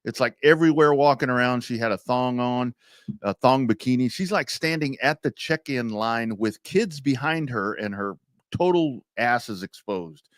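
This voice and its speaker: Lively male talk host telling stories. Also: mid-range voice, normal speed, no room sound, studio quality. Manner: animated storyteller, acts out quotes. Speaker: sports talk show co-host. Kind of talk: casual storytelling chat and live ad reads.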